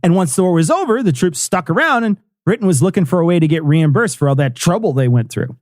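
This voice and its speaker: A man's voice: high-pitched, expressive, fast talker, darkish tone, dry recording, studio quality. A man co-hosting a comedy history podcast, explaining events with jokes and frequent laughs. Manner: joking, laughs often. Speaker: podcast co-host.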